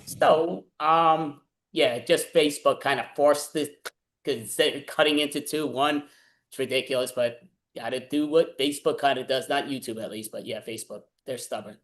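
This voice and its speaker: A man's voice: mid-range voice, fairly even intonation, moderate pace, fairly bright tone. A man hosting an online comedy show over a video call, easygoing and chatty. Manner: easygoing, chatty, laughs often. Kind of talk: casual interview chat.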